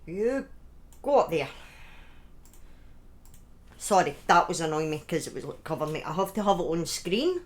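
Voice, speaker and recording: A woman chatting casually to her viewers on a live stream from home, excitable and thanking people by name. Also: fairly low pitch, moderate pace, pauses often. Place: at home in front of a webcam.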